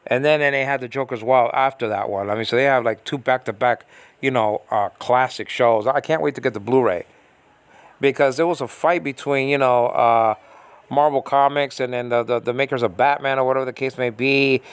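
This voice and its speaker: A man's voice: mid-range voice, fairly even intonation, fairly quick, clear, resonant tone, no room sound. An American man ranting in a casual home monologue, exasperated and repetitive, full of fillers and restarts. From United States. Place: small room at home.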